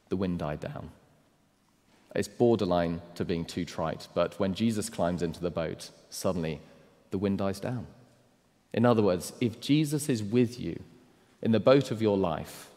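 Male preacher, low voice, emphatic sermon delivery that swings between loud and hushed, long hall reverb.

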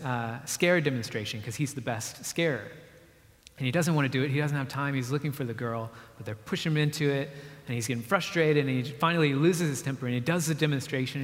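Man preaching in a reverberant hall. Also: medium pitch. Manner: conversational and explanatory, with acted-out quotes. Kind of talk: sermon.

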